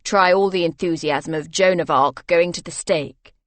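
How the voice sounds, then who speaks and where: Woman doing a gruff surly gentleman. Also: low-pitched, fairly even intonation, normal speed, dry recording, pitched below the performer's own voice. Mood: acid. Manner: muttering, growling.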